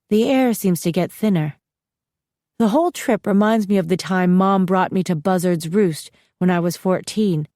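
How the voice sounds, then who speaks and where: A woman narrating a first-person audiobook with steady, even storytelling, recorded close in a dry studio. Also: fairly low pitch, no room sound.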